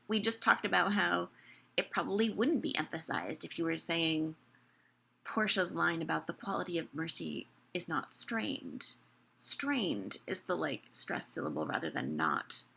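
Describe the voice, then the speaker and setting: A woman's voice: mid-range voice, gravelly, bright, forceful tone, breathy edge. A woman giving a casual lesson on verse meter, chatty with many fillers, reading lines aloud and tapping out the stressed beats. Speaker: educator explaining verse meter.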